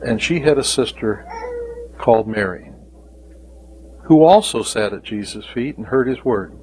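A man's voice: mid-range voice, lively intonation, unhurried, a little mellow, a little hiss or hum, rough recording. A man preaching a devotional sermon, speaking in an emphatic way and repeating key phrases.

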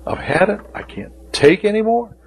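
A man voicing a frustrated, overworked woman complaining that her sister leaves her all the work, his voice pushed higher in exasperation. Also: expressive, takes it slowly, slight background noise. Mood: fed up. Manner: exasperated complaining, rising pitch.

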